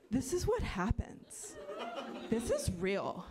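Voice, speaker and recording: A woman performing a stand-up set in a chatty, self-mocking way full of "like" and quick asides. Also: mid-range voice, a crowd in the background. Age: 30s. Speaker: stand-up comedian. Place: comedy club stage.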